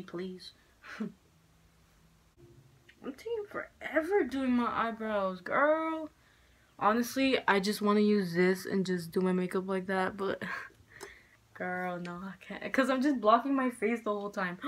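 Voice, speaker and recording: A young woman vlogging a casual makeup chit-chat at home, frank and foul-mouthed, a little hoarse from being sick. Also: medium pitch, fairly bright tone. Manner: chatty, frank, swears a lot. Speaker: beauty vlogger. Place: room at home with poor lighting. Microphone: handheld mirror in one hand, camera fixed.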